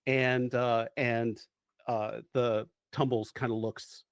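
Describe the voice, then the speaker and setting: A man's voice: mid-range voice, little pitch movement, slow pace, no echo, studio quality. A man running a tabletop role-playing game as game master, narrating playfully with frequent restarts.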